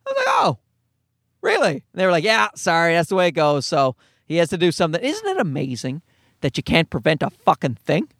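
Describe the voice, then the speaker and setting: A young man delivering a profane stand-up story with a high, lively voice that leaps around as he acts out the other people. The sound is close and dry. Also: fast talker, no room sound. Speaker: comedian.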